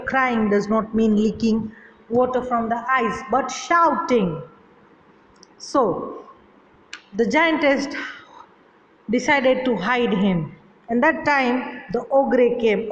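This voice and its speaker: A woman teacher with a fairly high voice reads a story line by line and paraphrases each part in simple words. The recording is dull and lo-fi, with long hall reverb and faint noise behind her. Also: slow. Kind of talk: reading a story and explaining it in a lesson. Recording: echoey hall, dull lo-fi sound.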